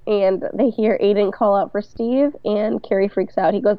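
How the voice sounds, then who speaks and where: A woman's voice: mid-range voice, brisk, few pauses. A woman chats through a casual recap as a podcast co-host. She talks loosely and now and then swears as she reads lines aloud. Her voice comes through dull and muffled, with a dry, close sound and no room echo. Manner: chatty, swears, reads show quotes aloud.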